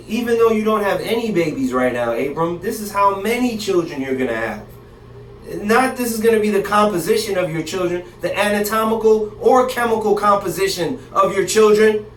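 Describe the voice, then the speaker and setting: A man teaching from the Bible in a casual, slang-filled way, talking straight to his listeners and reading verses aloud. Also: sits high. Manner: slangy, animated, talks to the audience directly. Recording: echoey room, distant mic, faint hiss.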